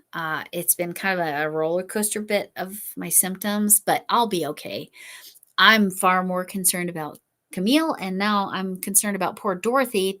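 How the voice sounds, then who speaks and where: A middle-aged woman with a fairly low-pitched, fairly bright voice hosts a casual crochet livestream. She chats while crocheting, rambling and apologizing as she answers viewer comments.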